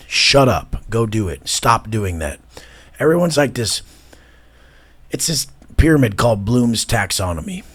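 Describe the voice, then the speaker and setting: A low-voiced man in his thirties talks as an interview guest. He is blunt and profane and mocks people, often breaking into loud imitations of them.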